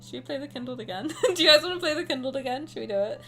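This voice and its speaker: A young woman streamer who reads game text aloud and chats in a giggly, animated, gushing way. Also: high-pitched, rapid-fire.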